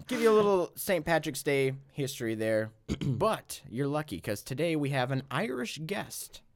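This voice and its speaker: Playful male host, lively delivery, dry close sound. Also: on the high side, measured pace, dry recording. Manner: joking, playful, self-deprecating. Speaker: podcast host. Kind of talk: casual comedic chat. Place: blanket fort.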